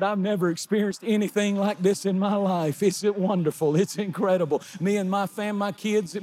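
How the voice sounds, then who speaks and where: A middle-aged man, preaching a sermon in a church sanctuary and often building to shouts. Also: sits high. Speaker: pastor.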